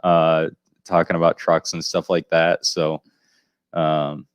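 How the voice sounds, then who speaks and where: A man's voice: rumbling low, flat delivery, takes it slowly, clear, resonant tone, dry recording. A man co-hosting a casual podcast, telling rambling stories and dry puns. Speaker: podcast co-host. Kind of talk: casual chat.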